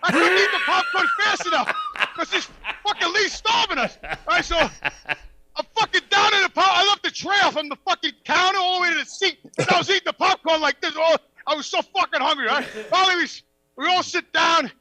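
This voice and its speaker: A man telling a profane, animated story on a podcast and acting out the dialogue. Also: very high-pitched, a little fast, rough recording. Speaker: podcast guest. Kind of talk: casual storytelling.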